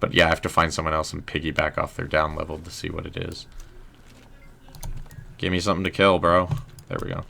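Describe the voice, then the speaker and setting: A man's voice: low voice, completely flat delivery, brisk, creaky, long pauses, sharp tone. A young man casually commenting on his gameplay, chatting with viewers and joking at his own expense. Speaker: livestreamer and writer.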